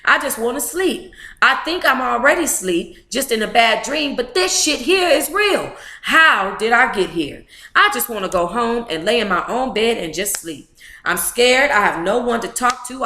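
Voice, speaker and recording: A woman's voice: a little high, expressive, moderate pace, bright, forceful tone, echoey room. A woman reading a memoir aloud to a live book club chat, emotive and blunt, with profane asides.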